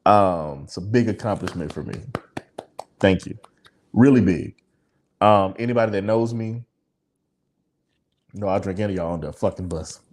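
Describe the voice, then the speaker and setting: A man's voice: low voice, normal speed, long pauses, a little mellow. A man co-hosting a podcast, talking in a candid, emotional and profane way and laughing often. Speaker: podcast co-host. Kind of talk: candid casual chat.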